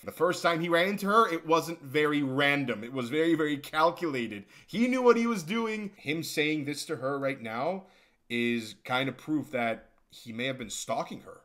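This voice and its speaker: Young male commentator, sarcastic and mocking, slightly high-pitched. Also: expressive, normal speed, fairly bright tone. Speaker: commentary youtuber. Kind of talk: reaction commentary.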